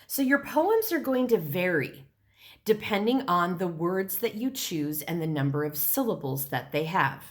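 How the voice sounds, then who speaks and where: Middle-aged woman teaching young kids on video; unhurried, a touch low, patient and clear. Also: big pitch swings. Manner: patient, slow and clear, clapping out syllables. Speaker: elementary school teacher. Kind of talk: recorded classroom lesson.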